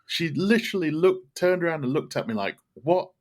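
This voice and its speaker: A man's voice: a little high, lively intonation, a little fast. A man on a podcast as a guest, telling an easygoing personal anecdote. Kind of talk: casual podcast chat.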